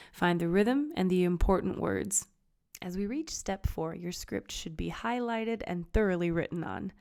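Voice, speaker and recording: A woman's voice: lowish voice, darkish tone. A woman teaching acting basics in an upbeat, encouraging, conversational scripted narration.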